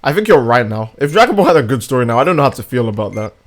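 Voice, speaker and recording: Brash male game streamer, crude and animated. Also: medium pitch, rapid-fire. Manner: animated, crude, reacts to chat and gameplay. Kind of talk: casual live-stream commentary while gaming.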